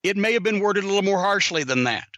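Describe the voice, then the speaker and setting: A man's voice: sits high, expressive, fast talker, a bit bright, no echo. A middle-aged man telling a heated, profanity-filled story on a podcast. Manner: heated, cursing constantly, Southern drawl. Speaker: podcast host.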